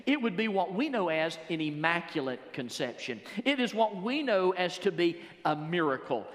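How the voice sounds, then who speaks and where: A man preaching a sermon, quoting scripture, then stressing key words slowly and rising to loud emphatic peaks. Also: high voice, big pitch swings. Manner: quotes scripture and paraphrases it. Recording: long reverb of a large hall.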